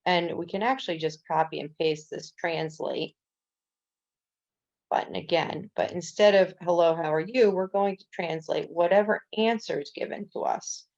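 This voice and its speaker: A woman's voice: fairly low pitch, normal speed, gravelly, a little mellow. A woman coding instructor walking through a screen-recorded coding tutorial step by step, with casual fillers. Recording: dull lo-fi recording.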